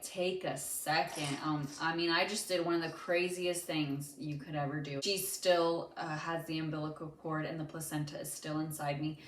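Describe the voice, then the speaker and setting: A young woman and mother casually telling the story of a birth, animated and dramatic, with many fillers. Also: fairly low pitch. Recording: echoey room with faint background noise.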